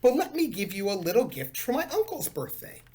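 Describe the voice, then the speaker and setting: A man voicing a gentle, polite male panda bear in a storybook reading, speaking courteously. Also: high voice, huge pitch swings, a little fast, slight background noise.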